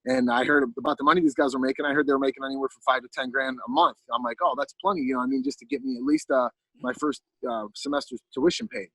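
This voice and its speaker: A man, a pro fighter as a podcast guest, telling a story in an animated, casual way and often asking "you know what I mean". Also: medium pitch, racing, husky, no room sound, rough recording.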